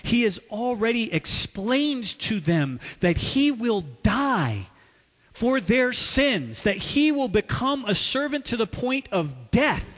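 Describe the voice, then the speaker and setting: Man, sermon, slow and deliberate, loud preaching and hushed asides, long hall reverb. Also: very high voice, very animated. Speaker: pastor.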